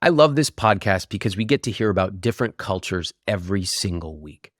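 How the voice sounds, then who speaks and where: A man with a low voice addresses his podcast listeners directly in solo commentary. His tone is earnest and appreciative. The recording is dry and close. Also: animated, brisk, dry recording. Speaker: podcast host.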